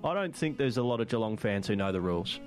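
A man's voice: on the low side, expressive, fast talker, faint music behind. A man with an Australian accent hosting breakfast sports radio, chatty and opinionated, with frequent fillers. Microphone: studio microphone.

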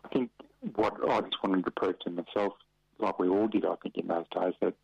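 Gravelly deep Australian man reminiscing. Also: steady tone, fairly quick, darkish tone, no room sound. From Western Australia. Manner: rambling, chuckling, many fillers. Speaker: interviewee, former footballer. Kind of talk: relaxed storytelling in an interview. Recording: dry, dull lo-fi radio audio.

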